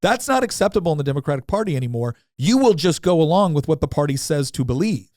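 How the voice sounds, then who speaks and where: A man co-hosting a political podcast, telling stories in a casual, animated way and mimicking opponents. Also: a little high, fast, no echo, clean studio sound. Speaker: podcast co-host, state legislator.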